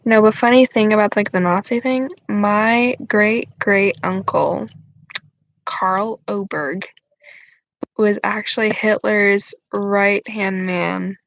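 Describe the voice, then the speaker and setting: A woman's voice: medium pitch, fairly even intonation, slow, creaky, no echo, highs cut off. A young woman hosting her channel, chatting casually with viewers in a rambling, giggly way full of fillers.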